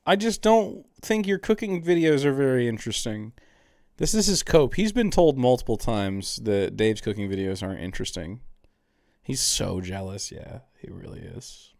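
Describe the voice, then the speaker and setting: A man's voice: mid-range voice, animated, moderate pace, darkish tone, no room sound. Profane sarcastic male streamer, dry sound. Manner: mocking, profane, sarcastic banter with chat. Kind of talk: casual stream reaction chat.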